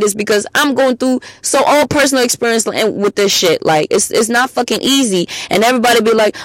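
A woman hosting a solo podcast, talking bluntly and emphatically with lots of swearing, swinging between loud outbursts and low asides. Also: brisk, few pauses, no echo. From immigrant to the US. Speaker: podcast host.

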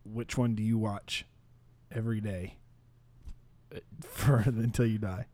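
A man's voice: fairly low pitch, steady tone, slow, darkish tone, dry recording. A man co-hosting a podcast, telling a story in casual chat, laughing often and acting out the voices of the people in it. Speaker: podcast co-host.

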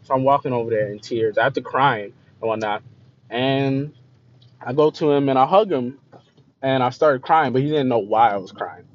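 A young man telling a personal story in a confessional way, repeating himself and often trailing off softly, on a dull lo-fi recording. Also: mid-range voice, moderate pace. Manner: emotional, repeats phrases, voice trails off quieter. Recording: slightly dull lo-fi recording with faint noise.

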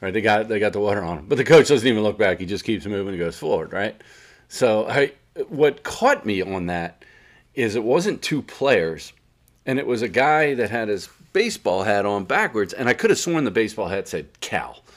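Male co-host, low voice, casual profane storyteller for sports talk. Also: sing-song, normal speed. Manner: profane, storytelling, laughs often. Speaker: podcast co-host.

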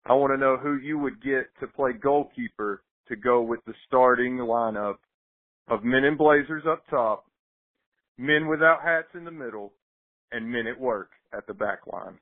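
A man's voice: medium pitch, normal speed, no room sound. A man from Tennessee calling in with a listener question, speaking plainly. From Tennessee, USA. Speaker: caller. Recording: tinny phone line.

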